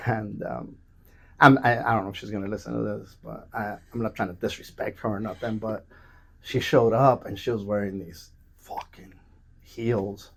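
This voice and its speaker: A man on a podcast telling profane, animated stories with lots of restarts. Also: fairly low pitch, gravelly, husky. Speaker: podcast guest. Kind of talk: casual storytelling. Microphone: studio podcast mic.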